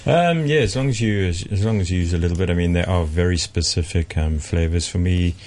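A man, a chef guest on the radio, giving cooking tips in a relaxed, hesitant way. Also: deep voice, brisk. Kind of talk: casual radio interview.

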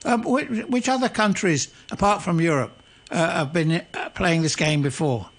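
Man, radio host, short probing questions, somewhat high pitch. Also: moderate pace. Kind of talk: radio interview.

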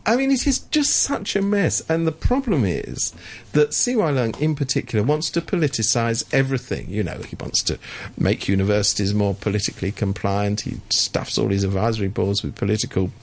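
Gravelly and lowish, his voice comes fast and animated as he co-hosts a radio talk show. He ribs politicians in loose studio banter, sneering at officials and doing impressions of them.

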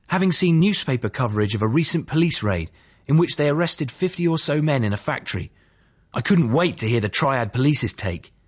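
A man narrating his memoir as an audiobook, telling it in a matter-of-fact, dry way. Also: mid-range voice.

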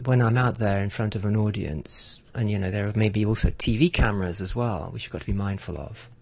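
A man's voice: on the low side, fairly quick, creaky. A middle-aged man in a conversational interview, talking reflectively with frequent restarts and stammered repeats. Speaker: interviewee, arts broadcaster.

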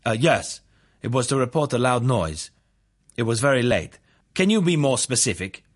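A man's voice: medium pitch, big pitch swings, moderate pace, pitched above the performer's own voice. A man voicing a nervous male neighbor on the witness stand who hedges and stumbles with fillers. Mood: hesitant. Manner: hesitant, with fillers.

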